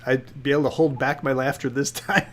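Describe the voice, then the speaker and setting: A man co-hosting a business talk show, friendly and quick to laugh. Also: medium pitch, steady tone, a little hiss or hum. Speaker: co-host. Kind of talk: casual interview talk.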